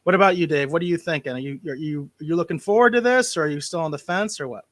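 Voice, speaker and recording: Bright, animated male podcast host. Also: on the high side, fast, no echo. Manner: animated, opinionated, big swings in loudness. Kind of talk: casual podcast chat.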